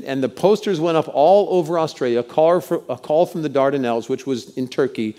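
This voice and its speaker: In a church sanctuary full of worshippers, a middle-aged male pastor delivers a sermon, sharing stories and prompting call-outs from the congregation. His voice sits at medium pitch with a warm tone.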